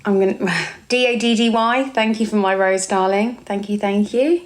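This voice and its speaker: A woman's voice: mid-range voice, moderate pace. A young woman with an English accent, chatting casually on a live stream, reading out viewer comments and calling people darling. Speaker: livestreamer.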